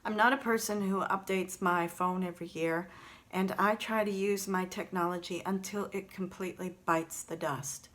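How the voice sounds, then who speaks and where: A woman's voice: fairly low pitch, steady tone, normal speed, fairly bright tone. A woman talking earnestly and reflectively straight to her viewers in a gratitude vlog, recorded on her phone camera. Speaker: vlogger.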